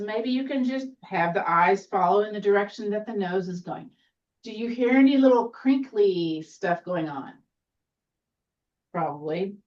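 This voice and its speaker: A woman guides a seated tai chi class, her cues gentle, encouraging and now and then playful. She sounds a little away from the mic, and the sound comes through muffled and dull. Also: medium pitch, distant mic.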